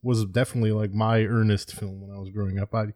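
A man in casual film-review chat who talks in a relaxed, rambling way and often restarts his sentences. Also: lowish voice, fast. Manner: relaxed, rambling, self-interrupting.

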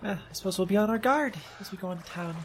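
Tabletop player, mid pitch, matter-of-fact. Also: very fast, a little hiss or hum. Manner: matter-of-fact, describes actions. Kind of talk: casual tabletop game chat.

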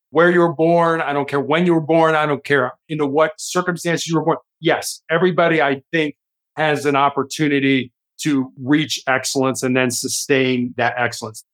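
Higher-voiced man explaining earnestly. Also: steady tone, normal speed, fairly bright tone. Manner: earnest, explanatory, acts out quoted lines. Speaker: guest author and speaker. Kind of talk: conversational interview storytelling.

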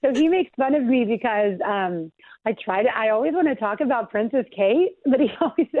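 A woman's voice: a little high, expressive, fairly quick. A woman radio host chatting over a phone call, bubbly, laughing and emphatic, a little congested. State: congested voice from allergies. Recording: tinny phone line, dry.

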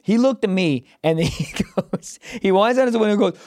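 A man co-hosting a podcast, telling stories in an animated, profane way and shouting out quoted lines. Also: high voice, fairly quick, no echo, studio quality. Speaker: podcast co-host. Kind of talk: casual comedic chat.

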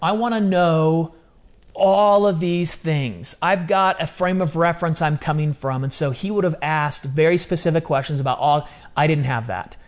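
A man in his thirties, a guest telling a personal story in casual chat, animated and full of slang. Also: fairly high pitch, moderate pace. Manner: animated, casual slang, acts out quoted voices.

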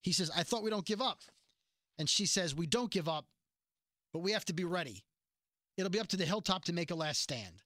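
A man's voice: high voice, no echo, clean studio sound. A man casually recapping a TV episode, animatedly acting out the quoted lines. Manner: animated retelling with quick quoted voices. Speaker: podcast host recapping a TV episode. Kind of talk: casual chat.

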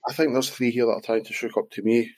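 A man's voice: medium pitch, flat delivery, quick pace, a little mellow, no room sound. A Scottish man co-hosting a podcast, casually reading out jokes and chuckling often. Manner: jokey, reads listener jokes, chuckles often. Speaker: podcast co-host. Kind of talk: casual chat.

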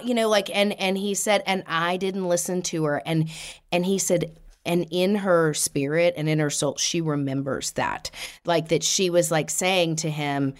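Lady medium doing a reading, low-ish voice, jumps way up when she acts out what the spirit says. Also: moderate pace. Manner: animated, voices the spirit's words with sudden high jumps. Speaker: psychic medium.

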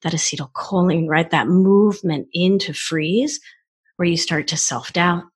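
A woman in her forties with a low, breathy voice talks through a casual podcast conversation. She is animated and expressive, and her tone stays soft and airy. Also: measured pace. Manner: animated, acts out child voices in quotes. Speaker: guest, wellness expert.

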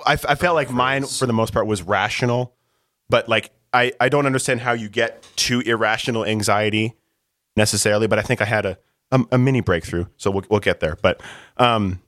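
A man's voice: fairly low pitch, brisk, a bit bright, no echo, studio quality. A young man hosting a podcast in casual chat, rambling with lots of filler words. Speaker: podcast host.

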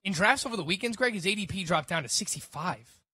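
Bright high-voiced sports radio analyst. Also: male voice, lively intonation, husky, dry recording. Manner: quick, chatty analysis with restarts and laughs. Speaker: fantasy sports radio co-host.

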